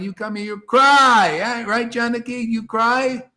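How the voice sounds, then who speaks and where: Fervent high-voiced man preaching. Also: takes it slowly, few pauses. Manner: fervent, preachy, swings between soft asides and loud exclamations. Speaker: spiritual teacher leading an online satsang. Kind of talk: impassioned devotional talk. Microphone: video call.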